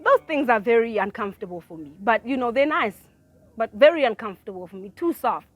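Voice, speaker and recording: This is a woman with a fairly high voice, telling a personal story in a relaxed, chatty way. She drops into low mutters, then breaks into loud bursts of energy, and she often laughs between lines. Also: a little fast, dry recording. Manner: animated, swinging from low mutters to loud outbursts; laughs through her own story. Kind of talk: casual storytime chat.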